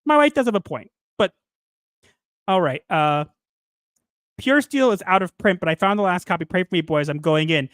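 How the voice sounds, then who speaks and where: A man co-hosting a podcast in casual chat, animated and playful, sometimes ranting. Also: high-pitched, normal speed, long pauses, no room sound, studio quality. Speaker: podcast co-host.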